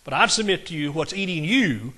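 A man's voice: fairly high pitch, lively intonation, brisk, sharp tone. A man preaching a sermon, folksy and conversational, with asides to his congregation. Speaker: pastor.

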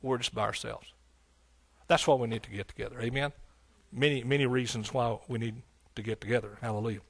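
Speaking at a brisk clip with fairly even intonation, this man has a medium-pitched, husky voice with vocal fry and a fairly bright tone. He's a pastor delivering a sermon in a church sanctuary, chatting in a folksy way and then rising into emphatic preaching and scripture quotes. No room sound is audible.

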